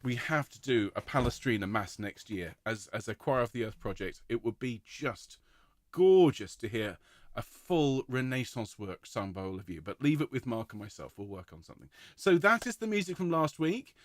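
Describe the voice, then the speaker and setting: Speaking at a moderate pace in a medium-pitched, sing-song voice, a choir director guides his online rehearsal with eager praise and the odd sung vowel to show how it's done. The recording is clean studio sound without echo.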